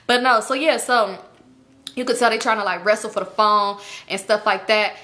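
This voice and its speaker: A woman vlogger casually telling a profane, animated story and acting out the voices. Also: medium pitch, moderate pace.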